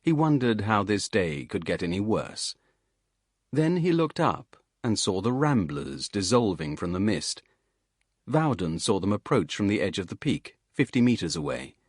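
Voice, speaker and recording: Low-voiced male thriller narrator. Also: slightly rough, no echo, clean studio sound. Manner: measured, steady thriller reading. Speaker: audiobook narrator. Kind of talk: scripted narration.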